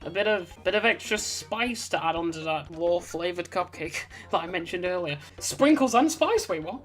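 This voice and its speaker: A woman's voice: fairly low pitch, animated, moderate pace, few pauses, faint music behind. A woman reading her own story aloud in a casual way, stopping often for chatty, rambling asides. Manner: rambling, chatty, self-interrupting.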